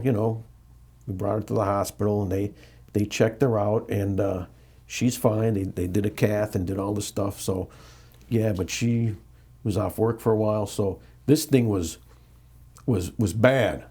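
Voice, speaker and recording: The man's voice sits on the low side, a little slow with a breathy edge. A middle-aged American being interviewed, he tells a candid story with animation, lots of restarts and repetition, and acted-out quotes.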